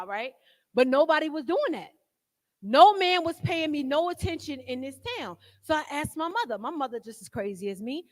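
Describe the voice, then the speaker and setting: A woman's voice: extremely high pitch, expressive, normal speed. A woman giving a live recovery testimony in a jail, frank and streetwise, telling her story with profanity. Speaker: guest speaker in recovery. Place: jail hall. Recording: long hall reverb.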